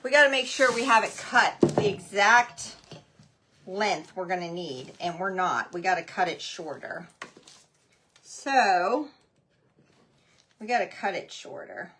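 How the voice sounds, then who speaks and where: A woman hosting a live craft demo, chatting loudly and greeting viewers by name as she works. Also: mid-range voice, animated, measured pace, pauses often. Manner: says she is talking very loudly. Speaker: craft livestream host. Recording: noisy room with heat gun running. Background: heat gun whirring.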